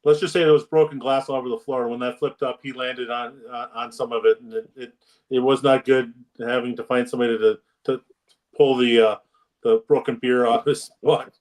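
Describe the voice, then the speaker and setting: A man's voice: medium pitch, little pitch movement, fairly quick, a little mellow. Rambling man, far from the mic. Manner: rambling, many restarts and fillers. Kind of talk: casual storytelling chat.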